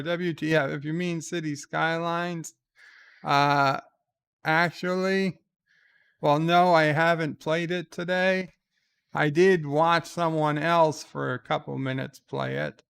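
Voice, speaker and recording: Slow, gravelly middle-aged streamer. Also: male voice, on the high side, no echo. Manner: wry, rambling, stammers on restarts. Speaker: livestream host. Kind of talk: casual stream chat, reading viewer letters.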